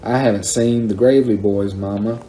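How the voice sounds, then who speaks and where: A man's voice: on the low side, fairly even intonation, brisk, dark tone, slight background noise, natural voice. A man as a sheepish, miserable boy.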